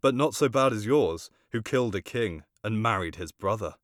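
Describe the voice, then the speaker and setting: A man's voice: deep voice, moderate pace, dry recording, studio quality, natural voice. A man voicing a bitter, accusing young prince in a storybook reading, speaking sharply and reproachfully.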